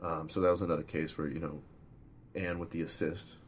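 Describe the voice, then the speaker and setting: A man with a very deep, low voice chats loosely about his films as their director. He rambles through the talk with plenty of fillers and swears freely and casually. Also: level tone, a little fast, a little hiss or hum. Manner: rambling and profane, full of fillers. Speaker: film director. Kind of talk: casual podcast interview.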